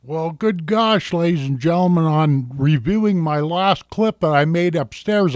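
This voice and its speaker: A man's voice: on the high side, animated, a little slow, few pauses. A man from Montana, rambling folksily through a casual product review at home on a webcam. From Montana, USA. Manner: folksy, rambling, addresses viewers as ladies and gentlemen. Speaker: vlogger reviewing vape gear.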